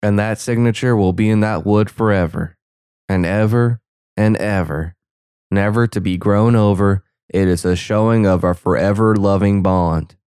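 Low-voiced young man joking through a movie. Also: normal speed, a little mellow, clear, resonant tone, no room sound, studio quality. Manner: sarcastic, joking asides. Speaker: movie commentator. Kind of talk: casual movie reaction commentary.

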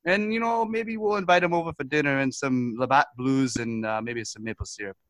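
A man's voice: medium pitch, fairly quick, fairly bright tone, no room sound, natural voice. A man voicing a goofy male news correspondent who rambles and keeps saying "as they say". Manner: rambling, repeats "as they say", laughs at own jokes. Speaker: comic correspondent. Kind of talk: comedic improvised character bit.

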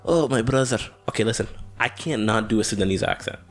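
A young man co-hosting a podcast in casual chat, animated and jokey, laughing often. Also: fairly low pitch, fast, faint music behind. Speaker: podcast co-host.

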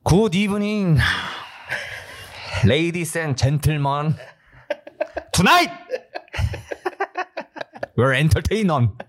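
A man's voice: a little high, very animated, very fast, pitched above the performer's own voice. A man doing the Joker with a Korean accent. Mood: menacing. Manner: theatrical, swinging from purring to shouted. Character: menacing male movie supervillain clown with a Korean accent.

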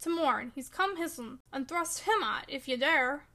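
A woman voicing a gruff old male servant with a Yorkshire dialect, loud, slow and emphatic. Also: high voice, expressive, exaggerated voice. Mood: gruff scolding. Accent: Yorkshire dialect, put on.

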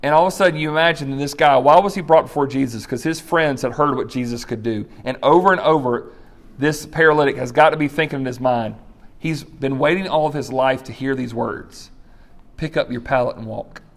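A man's voice: medium pitch, fairly quick. A man preaching a sermon, telling stories with acted-out voices and brief laughs. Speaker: pastor.

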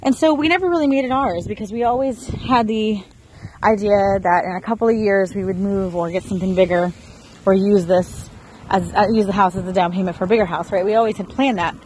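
A woman in her thirties from Florida, chatting casually to her viewers in an expressive vlog, recorded outdoors. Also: medium pitch, a little fast, a little hiss or hum, poor audio. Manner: chatty and expressive, rising into excited bursts. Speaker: vlogger.

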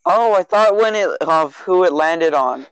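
A man's voice: high voice, expressive, measured pace, smooth, dry recording, low-quality recording. A teenage boy chatting with friends, hesitant and full of fillers. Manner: hesitant, full of uhs, sheepish. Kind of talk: casual chat among friends.

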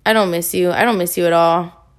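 A woman's voice: fairly low pitch, steady tone, a little fast. A young woman hosting a casual podcast monologue, venting bluntly with lots of swearing. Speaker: podcast host.

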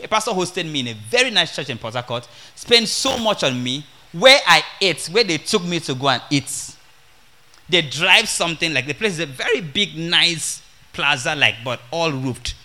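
A man preaching an animated, humorous sermon to a congregation. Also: fairly high pitch. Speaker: evangelist.

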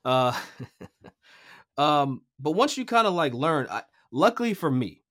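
A man from Kentucky, a golf broadcaster talking as a podcast guest, animated and casual, swearing freely and often repeating words. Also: fairly high pitch, slow. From Kentucky, USA.

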